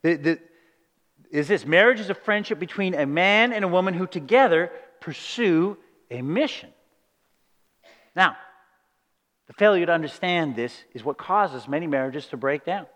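A man preaching a sermon, lively and conversational, often asking "right?" and acting out quoted voices. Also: a little high, normal speed, pauses often. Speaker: pastor. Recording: reverberant hall.

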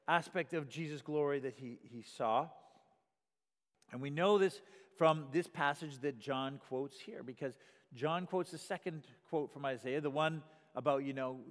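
A man's voice: mid-range voice, in a large hall. A man preaching a sermon in an earnest way, often repeating a word as he starts a sentence and pushing his voice up for emphasis. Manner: earnest, repeats words when starting, rises in volume for emphasis.

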